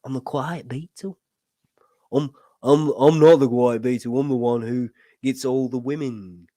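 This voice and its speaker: A man's voice: mid-range voice, fairly even intonation, a little slow, mellow, dry recording, studio quality, close to an everyday voice. A man imitating a boastful male rock musician from Liverpool, in an attempted Liverpool accent. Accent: attempted Liverpool English.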